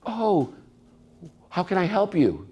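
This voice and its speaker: A man voicing his mother as a calm, strong older woman who speaks gently and reassuringly. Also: high voice, slow pace, husky, muffled recording, voice pushed up, exaggerated voice. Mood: gentle.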